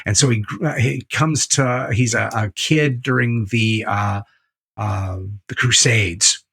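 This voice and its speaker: A man's voice: medium pitch, takes it slowly, creaky, a bit bright, slightly rough. A man being interviewed as a guest, retelling a book scene by scene in a candid, profane, emphatic way. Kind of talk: candid conversational storytelling.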